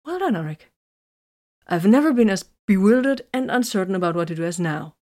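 A woman's voice: medium pitch, expressive, fairly quick, mellow, lightly acted. A woman reading a storybook, voicing a blunt young woman psyker who speaks sharply and demands answers. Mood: shocked.

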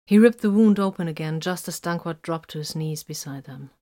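Woman reading a story in a low voice. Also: fairly quick, warm tone. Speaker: narrator.

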